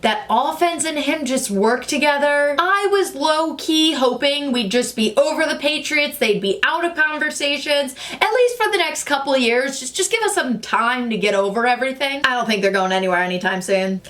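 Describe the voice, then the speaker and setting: A young woman with a high voice vlogging about football in a casual, chatty way. She gushes and gets excitable, spilling her reactions to camera. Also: normal speed, few pauses. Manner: animated, gushing, excitable. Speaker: sports vlogger.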